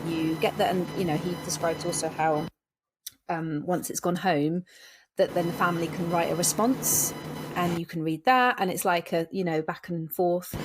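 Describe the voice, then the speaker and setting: A woman's voice: on the low side, noisy background. A woman co-hosting a podcast in casual, chatty conversation, using many fillers and laughing easily. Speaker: podcast co-host. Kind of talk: casual chat.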